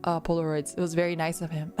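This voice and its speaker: A woman's voice: deep voice, level tone, fast. Young woman vtuber chatting, giggly and rambly, faint music behind. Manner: rambling, giggly, many fillers and restarts. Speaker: VTuber streamer. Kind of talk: casual Q&A chat.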